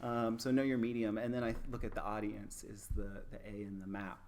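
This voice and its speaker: A man in his thirties, a professor talking casually as a podcast guest and acting out quoted exchanges with lively energy. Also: fairly low pitch, brisk, a little hiss or hum. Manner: animated storyteller, acts out quoted exchanges. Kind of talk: casual conversation.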